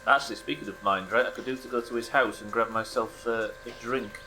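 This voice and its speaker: Slight background noise sits under a lowish, steady male voice that comes across brisk, bright and forceful. He's a British streamer playing a driving game, casually joking with his viewers in a dry manner.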